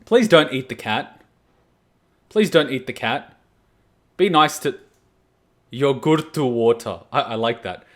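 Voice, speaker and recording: A man's voice: medium pitch, slow, long pauses. Chatty man reacting to anime. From Australia. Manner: chatty, animated storytelling with jokey asides. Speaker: anime reaction channel host. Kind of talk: casual reaction commentary.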